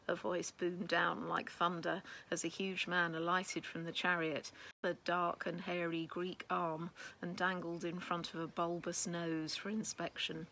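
A woman reading a children's storybook aloud with expressive first-person narration. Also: on the low side, unhurried, a little hiss or hum, poor audio. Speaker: children's book reader.

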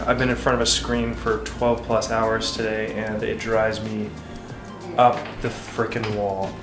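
A man co-hosting a casual home vlog, chatty and upbeat, talking straight to his viewers from the kitchen. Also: on the low side. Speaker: vlog co-host. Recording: roomy home recording with background music.

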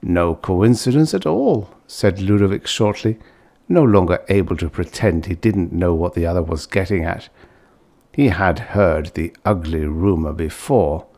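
A man's voice: normal speed, darkish tone. A man reading a vintage science fiction short story aloud, shifting his voice for the characters. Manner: voices characters with raised pitch. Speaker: audiobook narrator.

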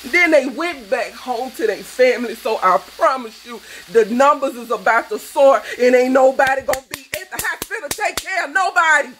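Woman, cooking vlog host, preachy scolding rant, slightly high voice. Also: normal speed, few pauses, background noise. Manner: fervent, preachy, scolding viewers.

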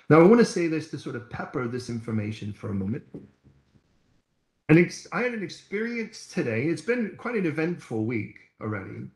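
A man's voice: mid-range voice, creaky, darkish tone, roomy sound. A man preaching a sermon as pastor, telling stories and acting out the voices of the people in them. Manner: storytelling preacher, acts out quoted voices. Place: church hall.

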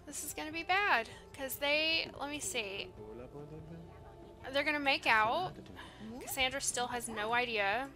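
Slow-talking woman, bright, reacting to gameplay. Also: sits high, animated, soft background music. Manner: reacts with dismay, talks to characters. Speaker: let's play host. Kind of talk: casual gameplay commentary.

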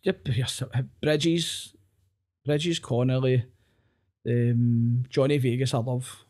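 A man's voice: medium pitch, slow pace, darkish tone. A man with a Glasgow accent, a comedian chatting as a podcast guest, sweary and self-mocking. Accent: Glaswegian. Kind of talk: casual podcast chat.

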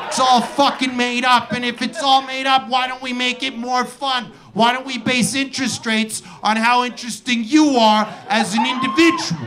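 A male comedian doing a profane, incredulous stand-up rant on a club stage, breaking into shouted outbursts. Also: very high-pitched, moderate pace, few pauses, background noise. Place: comedy club stage before a live audience. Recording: live club audience laughing. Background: audience laughter.

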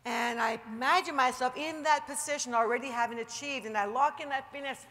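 Bright-voiced woman in a reverberant hall. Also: sits high. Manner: emphatic, rallying, then slow and soothing in guided relaxation. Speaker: motivational speaker. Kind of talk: motivational seminar talk with guided meditation. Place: large seminar hall.

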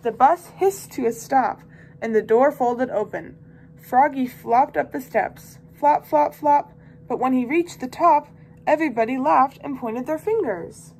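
A woman volunteer reading a children's picture book aloud with expressive, lively storytelling. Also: high-pitched, a little slow, slight background noise. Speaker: volunteer reader.

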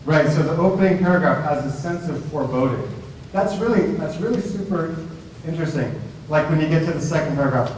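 A male professor leading a class discussion, animated and full of restarts and questions to the students. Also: on the high side, fairly quick, a little hiss or hum. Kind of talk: discussion-led class talk. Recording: echoey hall heard from a distance.

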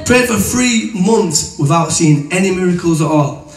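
A man's voice: high-pitched, animated, a little slow, far from the mic, music in the background. A man gives a chatty, colloquial testimony and teaching as a preacher before a room of people. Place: room with an audience. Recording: echoey room, voice from away from the mic.

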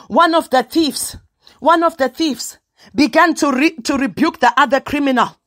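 A woman leading a fervent morning prayer sermon, repeating phrases with frequent "uh" fillers and sometimes drifting into sung lines. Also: high voice. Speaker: prayer leader.

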